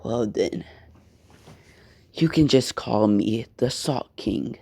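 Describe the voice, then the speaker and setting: A man voicing a vengeful young male hero turned god-like villain, speaking in quiet, cold threats. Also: medium pitch, slow, creaky, husky, full character voice.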